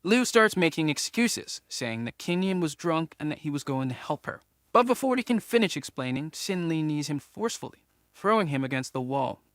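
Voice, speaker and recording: Man, story recap narrator, fairly high voice, dry close sound, steady scripted telling. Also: normal speed, no echo. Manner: steady storytelling, third person.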